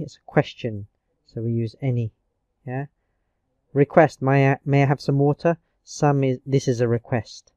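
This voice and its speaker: A man teaching a grammar lesson online, explaining slowly and patiently with frequent checks of "okay". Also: medium pitch, mellow, no room sound, muffled recording. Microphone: screencast recording mic.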